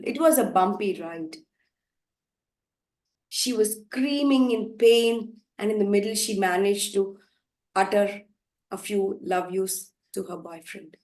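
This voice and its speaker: A woman telling a story at a live event, dramatic, with sudden loud outbursts and hushed passages. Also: mid-range voice. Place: festival storytelling venue. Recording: echoey room, live performance.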